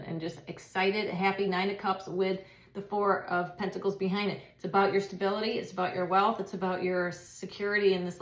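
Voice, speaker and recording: A woman's voice: medium pitch, echoey room. A woman doing a casual tarot reading, chatty and repeating herself, with laughs and swearing. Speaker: tarot reader.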